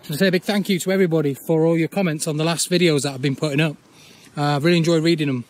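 A man, chatting casually as he walks an overgrown old railway path outdoors, often pausing on "uh". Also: on the high side, fairly even intonation. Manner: chatty, with frequent "uh" pauses. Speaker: urban exploring vlogger. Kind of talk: casual walk-and-talk commentary.

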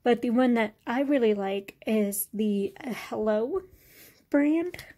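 A woman vlogger casually reviewing beauty products, relaxed and hesitant, with many fillers. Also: on the high side, slow.

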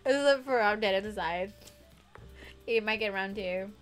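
A young woman chatting casually and giggling on a gaming livestream, excitable and quick to squeal. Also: mid-range voice. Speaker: streamer. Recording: music playing faintly behind.

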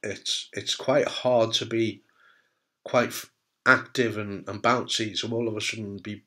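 A man's voice: on the low side, fairly even intonation, measured pace, pushed and bright. A man and cancer survivor, talking casually and bluntly to camera, frank and jokey with the odd swear word. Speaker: testicular cancer survivor giving advice.

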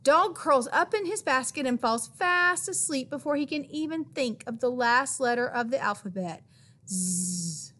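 A woman reading a children's picture book aloud in a gentle, playful way, sounding out each letter. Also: sits high, expressive, normal speed, few pauses. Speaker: children's story reader.

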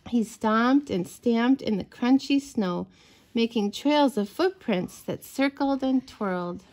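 Woman storyteller, gentle bedtime reading, unhurried and a little high. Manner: gentle, expressive.

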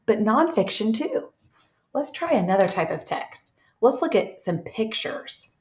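A woman teaching a reading lesson to young children, reading aloud slowly and gently and stopping to ask them questions. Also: mid-range voice. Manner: slow, gentle, asks children questions and pauses. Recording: echoey, dull lo-fi room sound.

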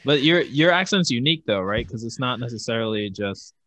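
A man's voice: mid-range voice, animated, fairly quick, fairly bright tone, highs cut off. A man co-hosting a podcast, teasing the others in laid-back casual banter. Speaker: podcast co-host. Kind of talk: casual chat.

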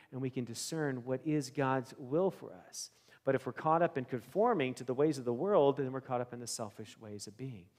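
A man's voice: medium pitch, in a large hall. A male pastor giving a conversational sermon in a church, asking the congregation questions and acting out scenes. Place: church sanctuary.

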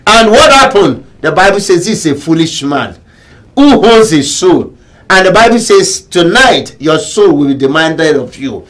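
High-voiced pastor preaching. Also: male voice, expressive, moderate pace, low-quality recording. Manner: emphatic preaching, repeats phrases and bursts into shouts. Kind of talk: sermon.

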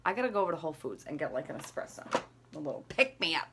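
A woman's voice: low voice, very animated, very fast, noisy background. A woman in her thirties chatting casually through her skincare and makeup routine, rambling and laughing at herself. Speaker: beauty vlogger.

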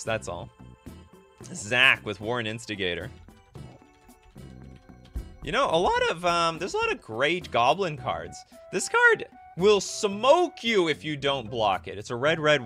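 Animated, bright-voiced man hosting a stream. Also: medium pitch, unhurried, faint music behind. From Canada (Winnipeg). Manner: animated, jokey, thinks aloud while reading chat. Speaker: livestream host. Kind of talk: casual live-stream chat.

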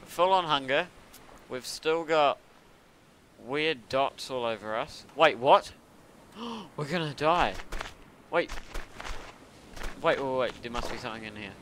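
An excitable man narrates his game in an unhurried, drawn-out way, musing to himself between sudden outbursts. His voice sits at a middling pitch. Steady background noise is clearly audible under the home recording. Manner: excitable, talks to himself, sudden yelps and laughs. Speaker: gaming video creator. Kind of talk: casual gameplay commentary.

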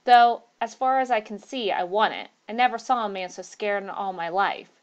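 A man's voice: high-pitched, normal speed, smooth, highs cut off, close to an everyday voice. A woman reading the part of a stout, smug male commercial traveller.

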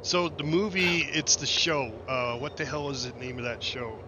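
A man's voice: mid-range voice, normal speed, dull audio, noisy background. A man hosting a casual gaming chat, blunt and teasing, laughing often. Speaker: streamer host.

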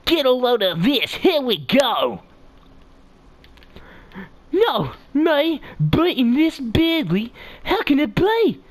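A man's voice: very high voice, sing-song, slow pace, long pauses, exaggerated voice. Young man doing a pompous alien squad boss. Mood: boastful. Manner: pompous, theatrical taunting. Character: boastful alien elite squad leader, male. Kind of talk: voice acting in a game lobby.

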